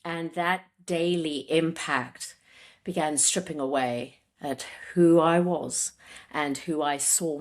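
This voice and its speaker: A woman with a mixed accent that carries a Zimbabwean twang, speaking as a podcast guest. Her voice sits fairly low as she tells her own story earnestly, with frequent ums. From grew up in Zimbabwe. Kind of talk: personal story in an interview.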